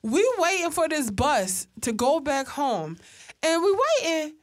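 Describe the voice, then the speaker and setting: High-pitched lively young woman storyteller. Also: a little slow. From Philadelphia. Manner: animated, laughing, profane storytelling. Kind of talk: casual chat.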